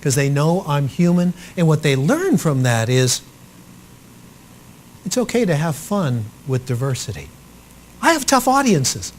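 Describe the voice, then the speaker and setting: Animated male speaking coach, lively pitch. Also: measured pace, long pauses, a little hiss or hum. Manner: animated and expressive, acts out quotes; swings from loud to soft for emphasis. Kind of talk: live workshop talk to trainees.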